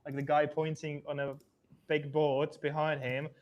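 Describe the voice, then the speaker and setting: A man's voice: on the high side, little pitch movement, normal speed, lo-fi sound. A man co-hosting a live trading stream, talking casually with loose grammar, frequent repeats and restarts. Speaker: trading analyst co-host.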